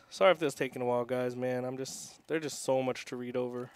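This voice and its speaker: A man's voice: medium pitch, fairly even intonation, fast talker, hardly any pauses, clear, resonant tone. A young man who owns an arcade, talking on a casual livestream, swearing heavily and hitting back at critics while reading chat aloud. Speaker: arcade owner.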